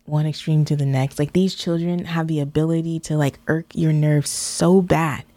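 A woman's voice: low voice, steady tone, normal speed, warm tone, no echo. A woman co-hosting a podcast, chatting casually and telling stories with many "like" fillers. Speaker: podcast co-host. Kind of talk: casual chat.

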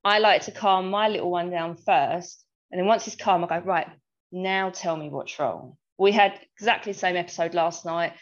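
A woman's voice: fairly low pitch, normal speed. A young woman, a new mother, chatting casually on a discussion panel and acting out little dialogues as she tells stories. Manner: chatty, anecdotal, acts out dialogue. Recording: slightly dull lo-fi sound.

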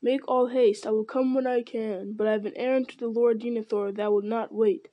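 A woman's voice: a little high, steady tone, a little fast, no room sound, highs cut off, natural voice. A woman reading aloud, voicing a grave, stern old male wizard who speaks in terse, solemn sentences. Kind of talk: audiobook character voice.

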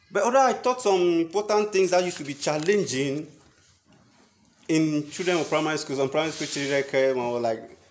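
Male pastor, higher voice, animated storytelling sermon, faint noise behind. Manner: animated storytelling, acting out quoted people.

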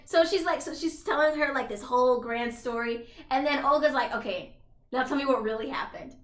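A young woman with a high voice chats casually on a podcast, recapping a story and slipping into the characters' voices as she goes. She swears freely. The room is echoey. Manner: animated retelling with quoted dialogue, swearing, laughing. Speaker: podcast co-host. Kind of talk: casual chat. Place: apartment.

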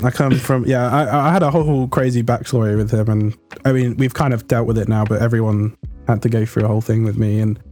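A man's voice: medium pitch, steady tone, fairly quick, few pauses, a little mellow, soft background music. A young man chatting as a guest in an interview, rambling with lots of fillers and restarts. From United Kingdom. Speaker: guest player. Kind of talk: casual interview chat.

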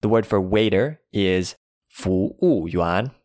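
A man's voice: low voice, takes it slowly, a little mellow, no room sound, clean studio sound. A man co-hosting a language lesson, explaining vocabulary plainly and spelling each word out.

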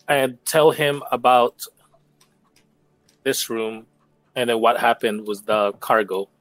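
A man at a tabletop game, mid-pitched and chatty, laughing easily as he describes his character's moves. His voice sounds dry and close to the mic. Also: takes it slowly, a bit bright, no room sound. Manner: chatty and giggly, describing actions. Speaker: player. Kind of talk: casual tabletop play.

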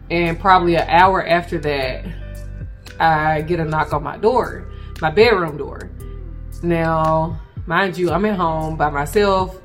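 A woman with a fairly low voice, telling a personal story on her podcast. She talks casually and candidly, full of "like" and asides to her listeners. Faint music plays softly behind her. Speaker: podcast host.

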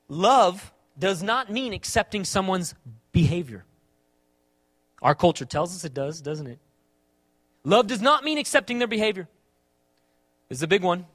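A man with a notably high voice delivers a sermon as a pastor. He leans on rhetorical questions, dropping low and quiet, then rising into forceful emphasis. The sound is dry, with almost no room around it. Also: no room sound. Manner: rhetorical questions, swings between soft and emphatic.

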